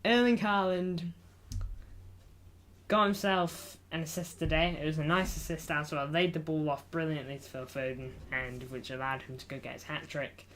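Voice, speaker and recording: A man's voice: on the high side, fairly even intonation, normal speed, a bit bright, a little hiss or hum. Chatty jokey football fan streamer, a man. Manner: chatty, jokey, reads chat aloud, calls viewers lad. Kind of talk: casual live stream chat. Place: indoors in front of a green screen.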